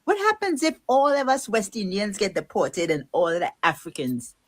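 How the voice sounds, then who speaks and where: A woman's voice: medium pitch, wildly swooping pitch, normal speed. A woman giving an opinion monologue in a played clip, asking pointed rhetorical questions.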